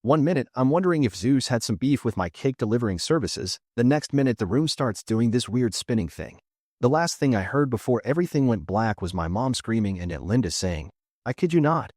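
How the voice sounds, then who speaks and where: A man's voice: mid-range voice, lively intonation, a little fast, darkish tone, dry recording, clean studio sound. A man narrating a reddit story in a sarcastic, wry tone as a scripted voice-over.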